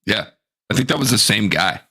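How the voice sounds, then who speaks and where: Deep gravelly male podcast co-host. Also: animated, fairly quick, bright, forceful tone. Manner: jokey, teasing. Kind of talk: casual chat. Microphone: home microphone over a call.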